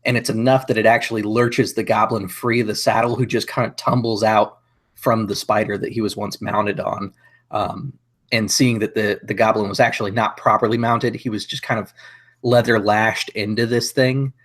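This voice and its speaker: A man playing a tabletop game, describing his character's attacks in a measured way with frequent fillers. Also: fairly low pitch, level tone. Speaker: player.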